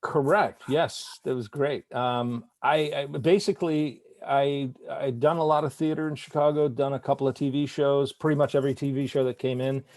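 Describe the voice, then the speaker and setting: A middle-aged man from Italy, an actor guest telling animated anecdotes with frequent laughs in a casual interview. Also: mid-range voice, moderate pace, hardly any pauses, no echo.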